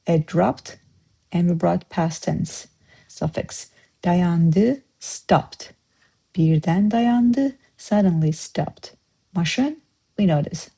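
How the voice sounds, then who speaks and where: A woman teaching a word-of-the-day language lesson, explaining slowly and repeating words for learners. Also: lowish voice, gravelly, warm tone, breathy edge, rough recording. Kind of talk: vocabulary lesson.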